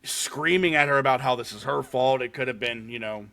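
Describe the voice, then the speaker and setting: Gravelly-voiced man recapping casually. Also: medium pitch, a little fast, pushed and bright. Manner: swears freely, retelling a horror short with lots of fillers. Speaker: podcast host. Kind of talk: casual chat.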